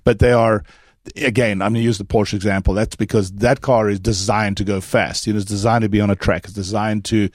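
A middle-aged man talks through dog training on a podcast, his voice sitting fairly low. He explains at length and doubles back on his words as he goes. The sound is dry and close, with little room around it. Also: steady tone, fairly quick, dry recording. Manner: explains at length with many restarts. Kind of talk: casual podcast chat.

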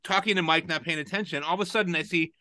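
A man with a bright, tense voice and a somewhat high pitch, telling rambling, profane stories in casual chat. His exasperation keeps building, and the sound is close and dry. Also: very fast, dry recording.

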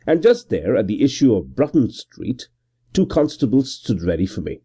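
A man reading a period novel aloud as a first-person narrator, measured and expressive. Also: mid-range voice, slightly rough. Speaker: audiobook narrator.

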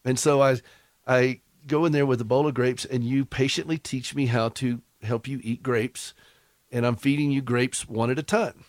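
A man hosts a faith talk show in a folksy, joking manner. His pitch sits in the middle of the range. The recording is dry and close, with no room around it. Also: steady tone, moderate pace, dry recording. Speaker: radio talk show host. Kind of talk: warm humorous talk-show chat.

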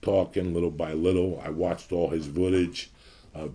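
A man's voice: deep voice, level tone, moderate pace, warm tone, husky. A man in his fifties from the New York area, hosting his show with a blunt, profane rant to his audience. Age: 50s. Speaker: podcast host.

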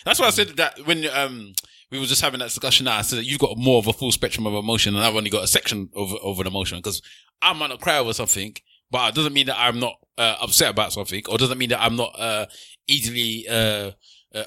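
A man in casual group chat, quick and argumentative, often laughing. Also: medium pitch, pushed and bright, no echo, studio quality.

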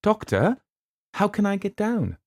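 A man reading an audiobook voices a terrified young woman in a high, breathless pleading tone. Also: big pitch swings, normal speed, gravelly, darkish tone, husky, no echo, clean studio sound, full character voice. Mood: helpless. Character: terrified young woman trapped atop a tower.

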